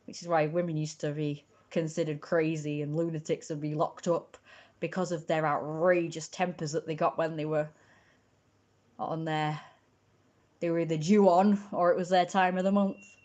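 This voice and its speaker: A young woman rambling through a casual livestream monologue into her phone, mock-grandiose, with sudden loud high-pitched outbursts. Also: steady tone, moderate pace.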